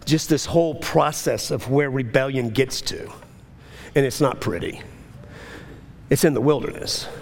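A man preaching a sermon, swinging between urgent, rising pleas and low, quiet passages. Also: vocal fry, a little hiss or hum. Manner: impassioned, rising to urgent high pleas then dropping low. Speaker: pastor.

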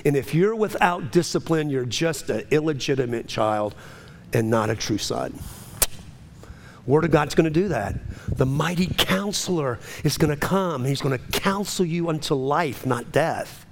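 Male pastor, fairly high gravelly voice, impassioned repetitive sermon delivery. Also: animated, unhurried, a little hiss or hum. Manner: impassioned preaching with swelling pitch and repetition.

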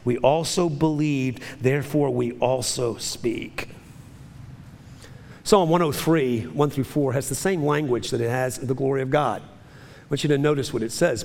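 A man's voice: mid-range voice, unhurried, vocal fry, a little mellow. Man preaching in a reverberant church. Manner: declaiming in rising, emphatic bursts. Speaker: pastor. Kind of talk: sermon leading a spoken congregational confession.

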